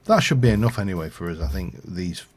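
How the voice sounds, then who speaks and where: A man's voice: low voice, animated, fast. A man streaming a game, rambling and thinking aloud with lots of fillers as he plays. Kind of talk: casual gameplay commentary.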